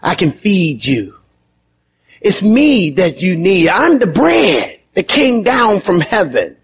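A man preaching a sermon in an animated, conversational way, with sudden high emphatic bursts and quick chuckles. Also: breathy edge. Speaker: pastor.

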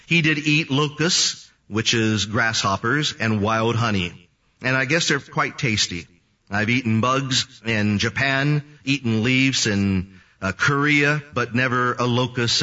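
A man preaching through a Bible passage. He reads each verse and then explains it, and his voice sounds bright and forceful. The recording is distant and dull, with the mic far from him. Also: medium pitch. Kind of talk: Bible teaching sermon.

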